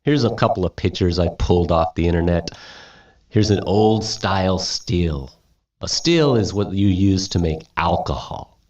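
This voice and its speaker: A man's voice: low-pitched, unhurried, a little mellow. A male English teacher reading a story aloud, stopping to repeat and explain words, with frequent light laughs. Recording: dull lo-fi audio, distant mic.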